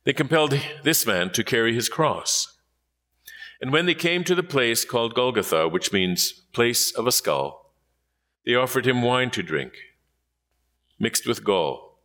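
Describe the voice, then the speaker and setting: A man reading scripture aloud in a measured, solemn manner. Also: mid-range voice, expressive, pushed and bright. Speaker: scripture reader.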